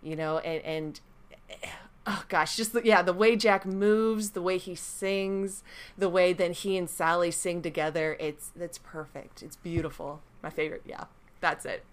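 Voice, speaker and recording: A woman's voice: lowish voice, steady tone, clean tone. A woman chatting on a podcast, gushing with lots of fillers and little laughs. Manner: warm, gushing, with many fillers and quick laughs. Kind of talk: casual chat.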